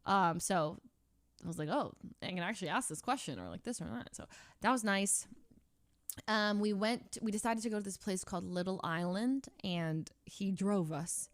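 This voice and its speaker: A young woman streamer with a medium-pitched voice and moderate pace tells a story in casual chat, rambling, restarting often, leaning hard on "like," and laughing frequently. The studio sound is clean, with no room sound.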